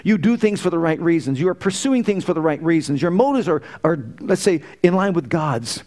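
Middle-aged male pastor, sermon, folksy asides, rhetorical questions, slightly higher voice. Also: lively intonation, brisk, a little mellow.

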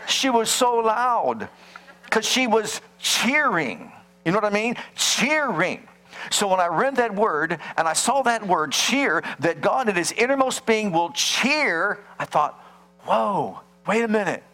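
Male pastor with a slightly raised voice, preaching a lively sermon and quizzing the congregation. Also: high-pitched, a little slow. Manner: animated, asks the congregation rhetorical questions; dramatizes scenes and acts out voices.

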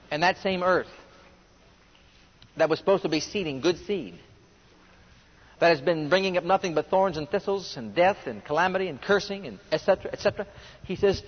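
A man's voice: high-pitched, fairly quick, long pauses. A man preaching a fervent sermon, reading scripture and rising to emphatic bursts. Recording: long hall reverb, dull lo-fi sound.

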